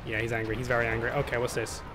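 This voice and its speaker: A young man giving casual, excitable commentary over his own gameplay, yelping and laughing at the game. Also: medium pitch, racing, over music. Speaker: gaming channel host.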